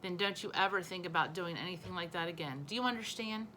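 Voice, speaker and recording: A stern, loving mother scolding her small son in a storybook read-aloud, as a woman reader voices her. The voice is bright and sits a little low, with faint background ambience. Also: quick pace, a little hiss or hum, low-quality recording. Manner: firm, scolding.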